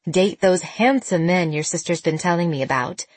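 A calm middle-aged mother speaks softly and unhurriedly, as a woman narrator voices her. Her voice is low and husky, recorded close with no room sound in a storybook reading. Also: measured pace, no echo. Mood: soothing.

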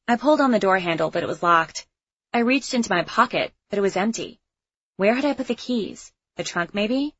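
A woman's voice: on the low side, lively intonation, moderate pace, fairly bright tone, slightly rough, no room sound, muffled recording. Woman reading a first-person audiobook. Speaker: audiobook narrator.

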